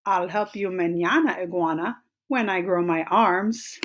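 A woman's voice: lowish voice, measured pace, heavy background noise, lightly acted. A woman voicing a sly male rattlesnake in a storybook read-aloud who always promises to help tomorrow.

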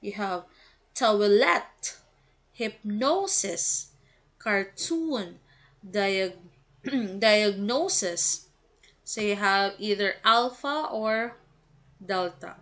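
A woman, an English teacher slowly reading quiz items and giving the answers, pronouncing each word with care. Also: mid-range voice, a bit bright. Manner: slow, deliberate, enunciates each word.

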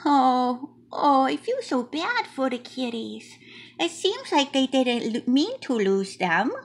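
Woman voicing a chatty little mouse, childlike storybook reader, high squeaky voice, bouncy swooping tone, unhurried. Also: very animated, exaggerated voice. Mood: cheerful. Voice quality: childlike, playful, broken grammar. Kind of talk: reading a picture book aloud.

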